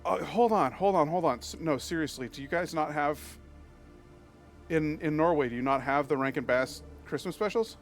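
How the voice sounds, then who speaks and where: A slightly high male voice at normal speed, with soft background music. This Massachusetts streamer chats casually while gaming, reading and replying to chat and often stumbling and restarting mid-sentence.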